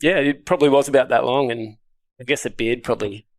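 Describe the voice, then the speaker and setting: A laid-back man guesting on a podcast, mostly giving short, laughing replies. His voice sits at an ordinary pitch, and his replies are relaxed and unhurried. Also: no echo. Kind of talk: casual interview.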